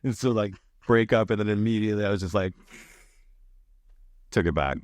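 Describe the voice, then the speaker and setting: A man co-hosting a podcast in casual chat, laughing often and acting out quoted lines in higher voices. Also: brisk, no room sound. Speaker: podcast co-host.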